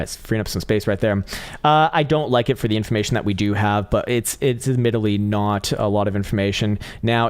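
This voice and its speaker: Livestream host, young man, low voice, rapid-fire, blunt and profane chart talk. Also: a little mellow. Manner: blunt and profane, with frequent laughs. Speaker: crypto trading livestream host. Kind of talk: casual live chart analysis.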